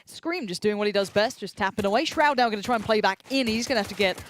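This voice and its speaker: A man's voice: high voice, a bit bright, slight background noise. A young English man giving live esports commentary in a chatty, analytical way. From England. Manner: chatty, quick analytical patter. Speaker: esports caster.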